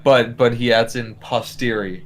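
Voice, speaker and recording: A man's voice: medium pitch, fairly even intonation, unhurried. A man co-hosting a casual podcast, rambling through his points with lots of "like" and restarts. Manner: rambling, heavy use of "like", hesitant restarts. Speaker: podcast co-host. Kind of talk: casual chat reviewing a cartoon.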